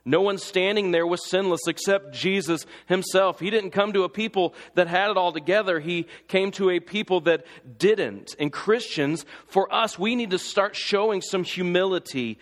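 A man's voice: high voice, normal speed, few pauses. A man preaching a sermon, impassioned and full of rhetorical questions. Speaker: pastor. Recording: long hall reverb.

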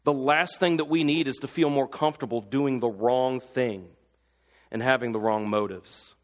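A man's voice: mid-range voice, normal speed. A man preaching a sermon, impassioned and full of rhetorical questions. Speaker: pastor. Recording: long hall reverb.

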